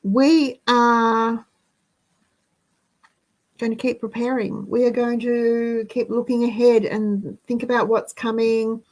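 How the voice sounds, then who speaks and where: A rough recording captures a woman with a fairly high voice hosting a relaxed live chat. Out of breath, she chats with her audience and reads their comments aloud.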